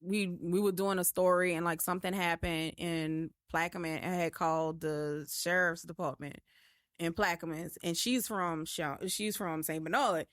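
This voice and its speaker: New Orleans woman telling lively anecdotes. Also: on the low side, moderate pace, no echo, studio quality. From New Orleans area. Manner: lively anecdotes acting out quoted voices, laughing often. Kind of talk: casual chat.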